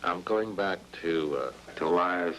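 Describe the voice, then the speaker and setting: A man's voice: low-pitched, measured pace, fairly bright tone, slight background noise, poor audio. A drunk middle-aged man rambling through a profane, self-mocking story. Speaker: poet.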